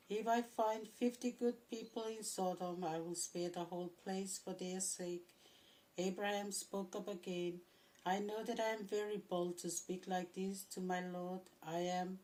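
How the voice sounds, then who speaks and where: A woman reading Bible passages aloud in a steady, even manner. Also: mid-range voice, poor audio. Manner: steady, even reading with occasional throat clearing. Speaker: scripture reader.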